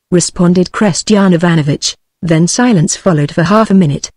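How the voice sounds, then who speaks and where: A woman's voice: on the low side, normal speed, no room sound. Synthetic British woman reading a novel. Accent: British English. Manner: even, steady, synthetic reading. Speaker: audiobook narrator. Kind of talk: text-to-speech audiobook narration.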